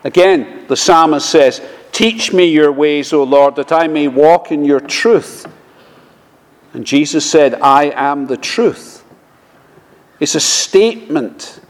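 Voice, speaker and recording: A man preaching a sermon, speaking slowly and measuredly, often quoting scripture. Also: a little high. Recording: long reverb of a large hall.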